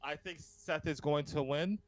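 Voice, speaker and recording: A man hosting a casual podcast chat, enthusiastic, laughing often and filling pauses with ums. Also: a little high, no echo, poor audio. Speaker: podcast host.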